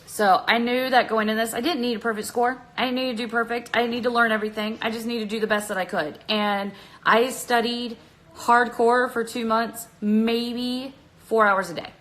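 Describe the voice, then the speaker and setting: A woman's voice: fairly high pitch, little pitch movement, moderate pace, a bit bright, low-quality recording. A young woman chatting on a phone livestream, nervous and chatty, laughing often. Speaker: vlogger on a livestream. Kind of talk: casual livestream chat. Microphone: phone at arm's length.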